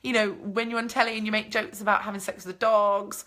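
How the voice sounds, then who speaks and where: A woman vlogger chatting casually and telling an animated story, swearing freely as she answers viewer comments. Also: mid-range voice, fast. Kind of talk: casual chat, live stream.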